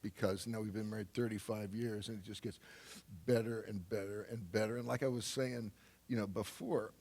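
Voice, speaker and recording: A man's voice: fairly low pitch, fairly even intonation, brisk, a little mellow. An older man telling a loose, rambling anecdote on stage to a live audience, full of fillers and laughs. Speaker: guest speaker.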